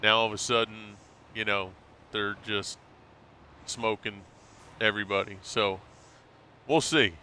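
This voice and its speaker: A man's voice: on the low side, fairly even intonation, a little slow, long pauses, pushed and bright, slight background noise. A man streaming live, chatting casually and rambling, calling his viewers bro. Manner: laid-back, rambling, calls viewers bro.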